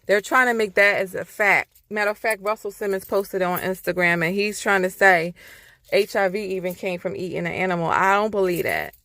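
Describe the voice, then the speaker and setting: A woman's voice: mid-range voice, fairly quick, bright, forceful tone, dry recording. A woman vlogger in a heated, profane casual rant, getting worked up as she talks. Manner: profane, exasperated, heated ranting. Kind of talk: casual ranting monologue.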